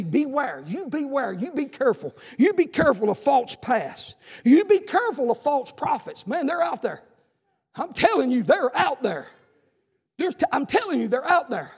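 High-voiced preacher in reverberant hall. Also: male voice, husky. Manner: fervent, repetitive exhortations with folksy asides. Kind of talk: revival sermon with personal testimony. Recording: long reverb of a large hall.

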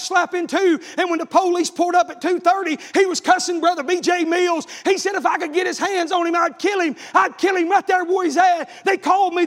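Fervent high-pitched preacher shouting. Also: male voice, big-room sound. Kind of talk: revival sermon.

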